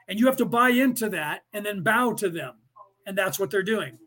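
A man's voice: high-pitched, lively intonation, normal speed, a bit bright. A man hosting a podcast, talking casually and emphatically, rambling and reading out listener comments. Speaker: podcast host.

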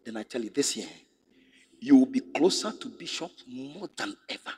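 A middle-aged man with a Ghanaian English accent, a bishop preaching a sermon, who repeats his phrases and rises to shouts. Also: medium pitch, expressive, normal speed, breathy edge, in a large hall. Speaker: bishop and pastor.

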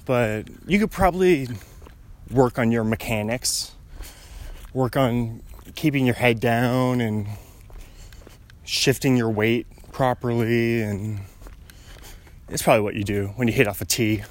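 A man's voice: mid-range voice, a little slow, long pauses. A young man talking casually to himself while walking outside, rambling from thought to thought and chuckling often. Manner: wandering, musing, chuckles often. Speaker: vlogger. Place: outdoors on a residential street, walking.

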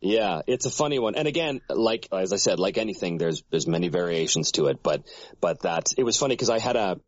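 A man's voice: sits low, a little fast, no room sound, highs cut off. A middle-aged man from Canada with a General American accent, a voice actor chatting casually, telling stories and laughing often. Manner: relaxed storyteller, laughs often. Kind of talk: casual podcast chat.

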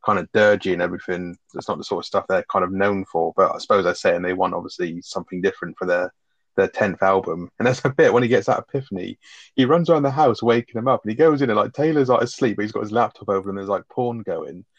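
A man rattles quickly through film scenes in casual podcast chat, swearing freely. His voice sits a little low, and the recording is dull, lo-fi and dry. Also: dry recording. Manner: sweary, animated retelling of scenes. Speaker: podcast co-host reviewing a film.

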